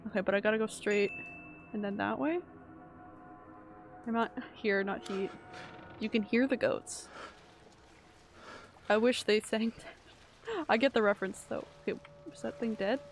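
A woman live-streaming a horror game, reacting excitably and chatting with her viewers as she plays. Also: on the high side. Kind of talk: live gameplay commentary.

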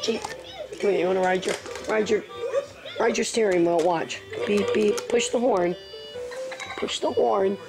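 A woman in the middle of the pitch range, cooing and coaxing her baby with sing-song, repeated little prompts. The talk is soft and playful, pitched for a small child, with music playing behind her. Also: normal speed, vocal fry, long pauses. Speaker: mother.

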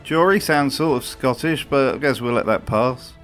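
A man's voice: mid-range voice, moderate pace, a bit bright, soft background music. A man giving comedic commentary in a video essay, full of dry, sardonic asides.

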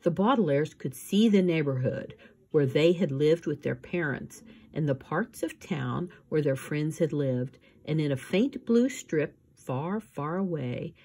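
A woman reading a novel aloud as narrator, with steady, measured storytelling. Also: low voice, vocal fry, slightly rough. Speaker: audiobook reader. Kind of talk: scripted narration.

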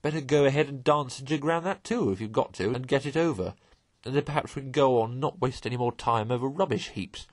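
A man reading a storybook aloud and voicing a small, fussy male mole who talks in a plaintive, petulant way with a husky voice. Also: medium pitch, fairly quick, few pauses, voice pushed up, lightly acted.

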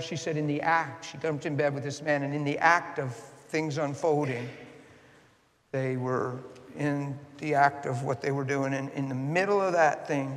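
A man preaching a storytelling sermon, swinging from hushed asides to loud, impassioned peaks. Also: a little high. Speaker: guest preacher. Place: church sanctuary. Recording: long church hall reverb.

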